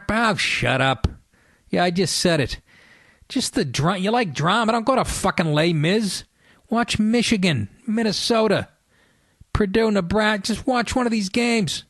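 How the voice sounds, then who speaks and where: A middle-aged male comedian rants through his podcast monologue, profane, sarcastic and quick to get worked up. His voice sits a little high. The sound is dry and close on a podcast mic. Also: dry recording. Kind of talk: ranting comic monologue.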